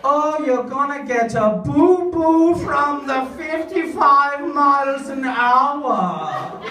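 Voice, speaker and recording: A man's voice: medium pitch, drawn-out words, background noise, pitched below the performer's own voice. A woman voicing a smug, mocking German brother-in-law in a stand-up bit, with sing-song teasing. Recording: echoey club, distant mic, crowd.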